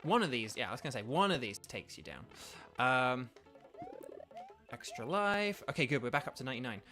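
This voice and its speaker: A man's voice: mid-range voice, sing-song, a little fast. An English man chatting casually while streaming a video game, polite and self-deprecating, rambling with lots of fillers. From England. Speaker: streamer and voice actor. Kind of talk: casual gaming stream chat. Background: faint game music.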